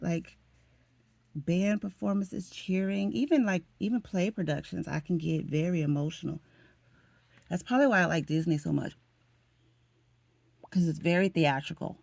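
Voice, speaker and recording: Middle-aged woman vlogger, low and gravelly, very talkative, close dry sound. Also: moderate pace, long pauses, a little mellow, no room sound. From Florida. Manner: chatty and emotional, often says "honey" and "y'all". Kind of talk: casual chat to camera.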